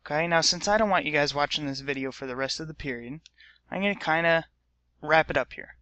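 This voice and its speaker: A male high school teacher recording a computer lesson for his class while a substitute covers, upbeat and often checking in with "okay?". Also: brisk, bright, forceful tone, dry recording, muffled recording.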